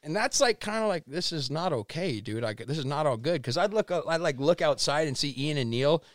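Animated, foul-mouthed male storyteller, dry sound. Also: fairly high pitch, brisk, dry recording. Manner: animated, swears constantly, acts out quotes. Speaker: podcast guest. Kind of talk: casual storytelling interview.

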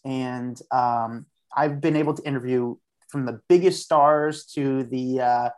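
Male podcast guest, chatty storyteller who replays his own lines, mid-pitched. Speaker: podcast guest, street journalist. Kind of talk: casual storytelling.

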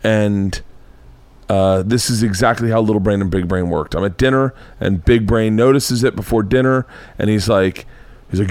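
Animated middle-aged podcast host. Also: male voice, on the low side, moderate pace, no echo. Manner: animated storyteller, swears freely. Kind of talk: casual chat.

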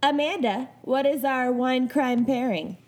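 A woman's voice: sits high, darkish tone. A woman co-hosting a podcast, introducing the show in casual chat with fillers and laughs. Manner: unhurried, filler-heavy, laughing. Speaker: podcast co-host.

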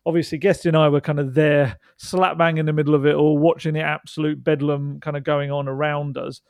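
A man with a southern English accent hosting a casual podcast chat, chatty and quick to laugh. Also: on the high side, little pitch movement, darkish tone, clean tone, no room sound. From southern England. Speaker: podcast host.

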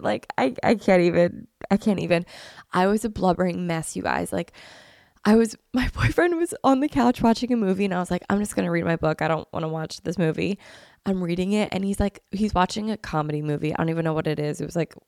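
A woman's voice: lowish voice, vocal fry, darkish tone, no echo, studio quality. A young woman hosting a podcast in casual chat, gushing and effusive, sniffling from a cold. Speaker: podcast host.

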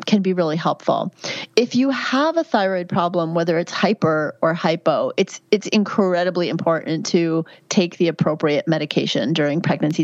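A woman in her fifties talks frankly in an interview, with plenty of fillers and a somewhat low voice. The audio is a little dull and muffled. It sounds dry and close, with no room to it. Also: dry recording. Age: 50s. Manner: candid, chatty, frequent fillers. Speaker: guest, physician and midwife. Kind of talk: podcast interview.

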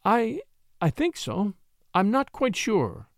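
A male reader voicing a spirited young society woman in a storybook, lifting his voice higher and speaking in a lively, gentle way. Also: a little fast, dry recording, clean studio sound. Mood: stammering. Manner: raises pitch, lively and gentle.

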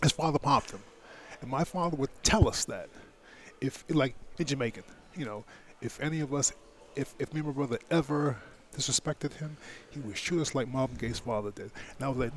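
A man's voice: mid-range voice, a little fast. A middle-aged man, a podcast guest, telling a personal story in an emphatic, profane, filler-heavy way. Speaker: guest, former heavyweight boxing champion. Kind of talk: candid storytelling in a podcast interview.

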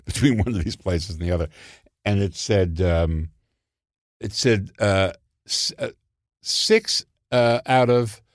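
A man's voice: fairly low pitch, no room sound, clean studio sound. An older man, a comedy writer, telling anecdotes animatedly and often laughing. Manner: animated, acts out voices and laughs a lot. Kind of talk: anecdotal storytelling.

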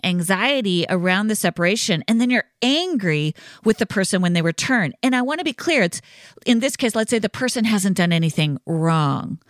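Woman, podcast host, reassuring, conversational, mid pitch, dry close sound. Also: expressive, moderate pace, no room sound. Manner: warm reassuring, conversational with many "right?" asides. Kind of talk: solo podcast teaching.

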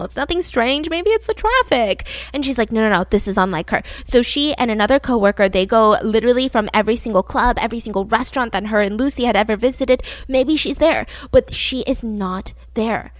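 Woman host, slightly high voice, dry close sound, casual crime storyteller. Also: dry recording. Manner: chatty, peppered with "like", acts out quotes.

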